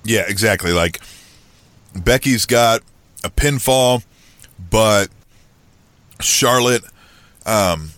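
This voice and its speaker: A low-voiced man talking wrestling at an easy pace, full of "you know" and "like". His voice is recorded close and dry, with no room sound. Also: very slow, pauses often, a bit bright, dry recording. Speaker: podcast co-host. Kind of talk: casual wrestling chat.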